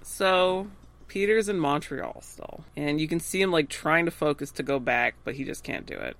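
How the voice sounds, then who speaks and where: A woman's voice: low-pitched, very animated, normal speed, vocal fry. Woman retelling scenes, acting out lines. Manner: narrates scenes, acting out characters' lines with laughs. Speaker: podcast co-host. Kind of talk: casual recap chat.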